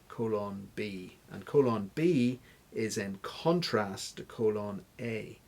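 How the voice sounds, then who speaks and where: A man's voice: lowish voice, expressive, slow, a little mellow. A man answering interview questions as a guest scholar, explaining step by step like a teacher. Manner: teacherly, stops to spell out examples.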